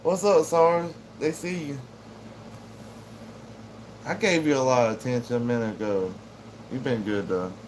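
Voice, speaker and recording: A laid-back man with a drawl, rambling through a casual livestream chat from home. His voice sits at an ordinary middle pitch and wanders easily between talking to viewers and fussing over his dog. A faint air-conditioner hum runs underneath. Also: unhurried, pauses often, a little mellow. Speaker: livestream host.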